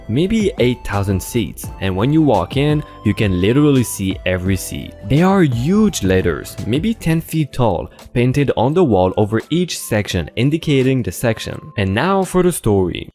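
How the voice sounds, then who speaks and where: Lively man narrating stories casually. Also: medium pitch. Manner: lively, chatty, laughs at the stories. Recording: voice-over with faint background music.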